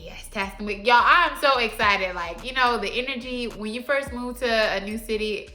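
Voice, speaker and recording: Animated young woman telling a story. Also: mid-range voice. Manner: animated, slangy, talks straight to viewers. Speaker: vlogger. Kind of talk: casual storytime vlog.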